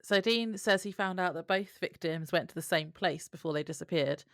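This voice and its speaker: A woman's voice: lowish voice, moderate pace, fairly bright tone, dry recording, clean studio sound. A woman co-hosting a podcast who reads from her notes in casual chat and laughs often. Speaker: podcast co-host. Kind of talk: casual chat recapping a TV episode.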